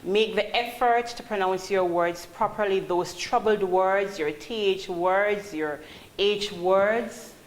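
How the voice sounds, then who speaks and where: A woman's voice: medium pitch, slow. A woman teaching a call-centre class, calling on students and asking them questions. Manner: calls on students, asks questions. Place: training classroom. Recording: roomy classroom, faint hum.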